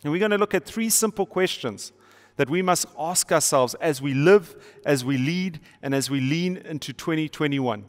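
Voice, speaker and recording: A man's voice: on the high side, normal speed. A middle-aged man preaching a sermon to an online audience, emphatic and repetitive, with rhetorical questions and playful asides. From South Africa. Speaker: pastor. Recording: long hall reverb.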